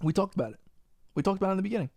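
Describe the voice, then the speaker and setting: A man's voice: high voice, rapid-fire, gravelly, dry recording. Ranting New man, dry close sound. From Long Island, New York. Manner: profane, animated ranting, says "bro" a lot. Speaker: podcast host. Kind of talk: casual podcast chat.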